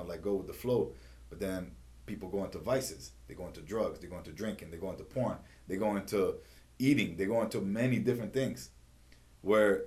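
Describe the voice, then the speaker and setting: A middle-aged man with a low, deep voice talking about his life as a martial arts coach. He tells stories with animated energy and keeps checking in with "you know what I mean". The tone is casual and conversational. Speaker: jiu-jitsu instructor and gym owner. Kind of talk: casual interview talk.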